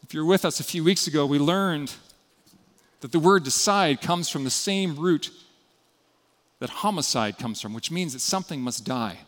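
A man's voice: fairly high pitch, expressive, moderate pace, a bit bright, in a large hall. A man preaching a sermon as a pastor, in an earnest, conversational way.

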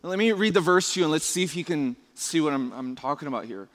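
A fairly high-voiced male preacher talking casually to his congregation, tripping over restarts and tossing out rhetorical questions. His voice rings with a long reverb through a large hall. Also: big pitch swings, quick pace, few pauses, fairly bright tone. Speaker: pastor. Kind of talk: conversational sermon.

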